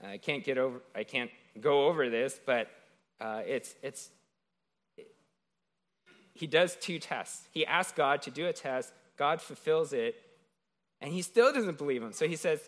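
A man's voice: medium pitch, expressive, a little slow, pauses often, a bit bright. Man preaching a conversational sermon. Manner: conversational, often asks "right?".

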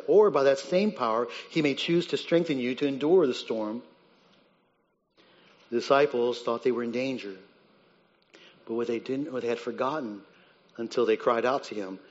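A man preaching a sermon as pastor, earnest and emphatic, rising on key points and dropping low and quiet on others. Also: in a large hall, lo-fi sound.

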